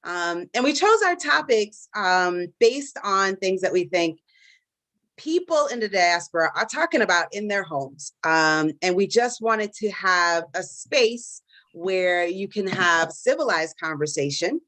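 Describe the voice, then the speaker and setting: A chatty woman moderates a live podcast debate, speaking in a voice of middling pitch. Her delivery is casual and full of fillers and restarts, and she pokes fun at herself. The sound is dry and close. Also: expressive, measured pace, fairly bright tone, no room sound. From Caribbean diaspora in the US. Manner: chatty, many fillers and restarts, self-deprecating.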